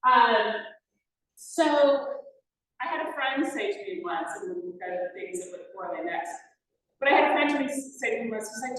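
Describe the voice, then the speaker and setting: A woman's voice: on the high side, lively intonation, moderate pace, fairly bright tone. A middle-aged woman, an entrepreneur, speaking casually to an audience in a rambling way, with many fillers and self-corrections. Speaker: entrepreneur giving a talk. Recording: very echoey room, distant mic.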